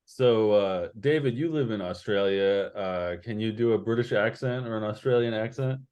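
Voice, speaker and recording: A man's voice: lowish voice, moderate pace, a little mellow, clear, resonant tone. A man running an online tabletop game as game master, narrating with many fillers and reading letters aloud. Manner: hesitant, many fillers, puts on voices for letters.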